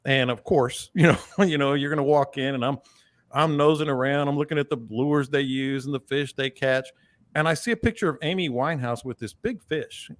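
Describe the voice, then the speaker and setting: A man hosts a fishing talk show and tells anecdotes in easy, conversational speech. His voice sits in a middle pitch and jumps up sharply when something surprises him. The recording is dry and close, with no room sound. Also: brisk, no room sound. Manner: animated storyteller, pitch jumps up for emphasis. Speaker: podcast host. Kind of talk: casual storytelling chat.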